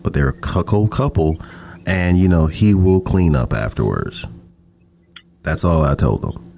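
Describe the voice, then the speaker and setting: A man's voice: very deep voice, animated, unhurried, dark tone, slight background noise. A man who is a podcast guest, telling a story in a laid-back, casual and profane way.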